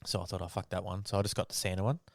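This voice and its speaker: Aussie male co-host, low pitch, quick laid-back yarn-telling, swears a lot, dry studio mic. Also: little pitch movement, creaky, no echo. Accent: Australian. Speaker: podcast co-host. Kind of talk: casual storytelling chat.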